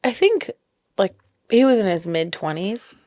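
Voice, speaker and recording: A woman co-hosting a casual podcast chat, telling a story with a giggly, animated manner and acting out the quotes. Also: medium pitch, a little slow, no room sound, clean studio sound. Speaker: podcast co-host.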